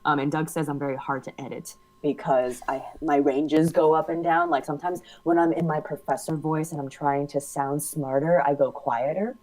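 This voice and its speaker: Woman, low voice, slightly hollow timbre, animated casual chat, big laugh. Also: normal speed, few pauses, low-quality recording. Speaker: podcast co-host. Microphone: studio mic.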